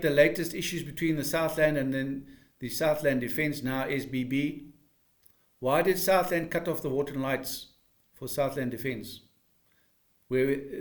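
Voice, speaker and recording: An older man from South Africa, giving a preachy talk full of rhetorical questions. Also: medium pitch. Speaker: commentator. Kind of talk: speaking to camera.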